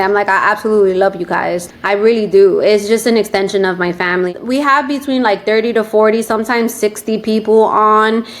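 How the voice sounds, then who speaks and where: A woman from New York with a New York accent, a guest telling stories in a casual, animated interview chat. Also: mid-range voice. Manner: animated, lively storytelling with playful quoted voices. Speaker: guest, real estate agent.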